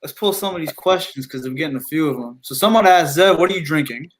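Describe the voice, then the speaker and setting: Male podcast host, high voice; loose, laughing, filler-heavy recollection. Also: lively intonation, quick pace, a bit bright, a little hiss or hum, rough recording. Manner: laughing, rambling recollection full of "like". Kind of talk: casual podcast chat.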